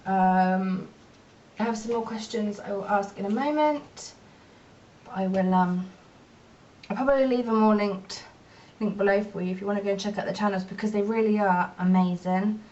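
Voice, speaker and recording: While doing her makeup at home, a young woman beauty vlogger chats in a rambling, self-mocking way at a moderate pace, her voice a little mellow. The audio comes from a distant, dull lo-fi mic with a faint rumble.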